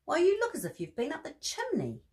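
A woman's voice: high voice, huge pitch swings, fairly quick, darkish tone, voice pushed up, heavily acted. Woman doing a fussy mum bear, exclaims and tuts, fond scolding. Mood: exasperated. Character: fussing motherly female bear.

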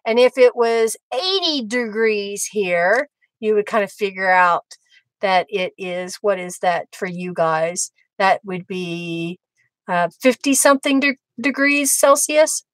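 A woman's voice: mid-range voice, takes it slowly, no echo, rough recording. A middle-aged woman, chatting casually and laughing often while she hosts a live craft demo. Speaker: craft livestream host.

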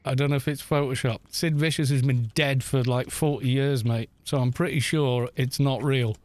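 A man's voice: medium pitch, steady tone, moderate pace, a little mellow. A British man in his thirties chatting casually on a live game stream, telling stories and laughing often. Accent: British English. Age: 30s. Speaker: gaming streamer. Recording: faint music behind.

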